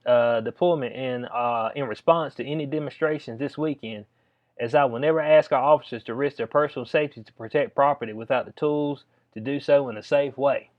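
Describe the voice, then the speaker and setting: Casual lo-fi commentary from a man. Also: mid-range voice. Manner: drawling, conversational, addresses listener as "bud". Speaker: video commentator. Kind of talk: casual commentary reading a letter aloud. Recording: dull lo-fi sound.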